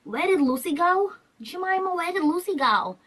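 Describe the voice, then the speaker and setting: Woman playing a puzzled movie man, high, swooping voice, slow drawn-out calls, distant from the mic. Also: animated, a bit bright.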